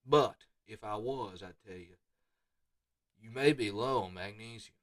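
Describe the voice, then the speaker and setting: A man commenting off the cuff on football highlight film, rambling into joking asides and talking straight to the players. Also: measured pace, a bit bright, no echo, recorded from a distance. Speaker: football recruiting video reviewer.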